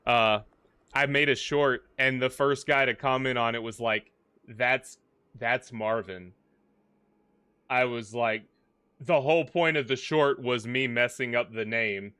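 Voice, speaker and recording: Chatty bright-voiced gaming streamer. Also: male voice, medium pitch, normal speed, smooth, no echo. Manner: chatty, jokey, talks to the game characters. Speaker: gaming livestream host. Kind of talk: casual live commentary.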